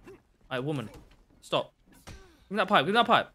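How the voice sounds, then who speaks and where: A young man talks a live audience through his gameplay. His voice sits a little high and sounds bright and forceful. He chats nonstop and bursts into loud yells, his pitch swinging widely. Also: normal speed, long pauses, husky. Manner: excitable, chatty, bursts into shouts. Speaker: live streamer.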